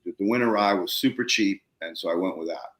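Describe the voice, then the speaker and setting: A man's voice: sits low, brisk, a bit bright, echoey room. A man hosting a podcast, telling a story in a casual, slangy way and acting out both sides of phone calls. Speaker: podcast host.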